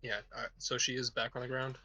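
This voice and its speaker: A man playing in a tabletop game, chatting casually in short, relaxed replies. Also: medium pitch, fairly quick, gravelly, dry recording.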